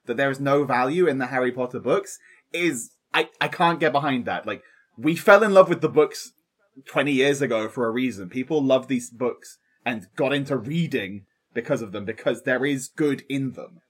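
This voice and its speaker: Canadian guy on a podcast, bright voice swinging all over, keeps restarting his sentences. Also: mid-range voice. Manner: animated, laughs often, halting restarts. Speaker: guest co-host. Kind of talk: casual podcast chat.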